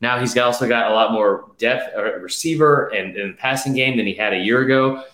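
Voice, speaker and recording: A man's voice: mid-range voice, a bit bright, reverberant. A man hosting a casual sports betting chat, rattling off stats emphatically, slightly out of breath. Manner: rapid stat-heavy, emphatic, with fillers. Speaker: podcast host.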